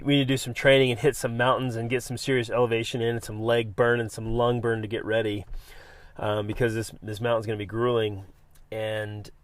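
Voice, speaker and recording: A man's voice: mid-range voice, no echo, studio quality. An enthusiastic man in his forties, hosting a motivational talk and telling an adventure story with many restarts. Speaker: podcast host.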